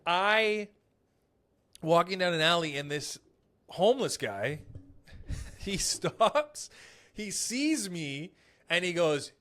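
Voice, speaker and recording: A young man hosting a casual podcast, telling stories in an animated, profane way. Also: sits high, slow, long pauses. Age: young adult. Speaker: podcast host; comedian.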